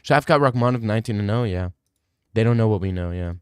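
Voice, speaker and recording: A man's voice: on the low side, fast talker, darkish tone, smooth, no echo, studio quality. A young man streaming, reading live comments in joking, rambling casual chat.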